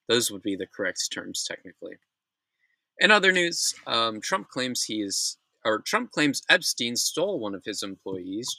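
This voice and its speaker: A man's voice: lowish voice, bright, forceful tone, dry recording, poor audio. A young man hosting a casual news commentary show, blunt, opinionated and profane, often restarting his sentences.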